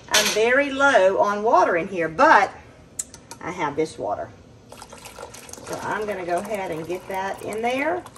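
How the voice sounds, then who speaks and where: A woman's voice: medium pitch, background noise. A woman chatting through a home canning demonstration in her kitchen, explaining each step as she works. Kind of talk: casual cooking demonstration.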